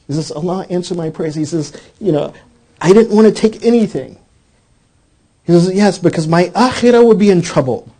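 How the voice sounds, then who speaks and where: Male lecturer, high warm voice, animated storyteller, keeps saying "he says". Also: normal speed, slightly rough. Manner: animated storyteller acting out quoted dialogue; repeats "he says" constantly. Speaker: speaker.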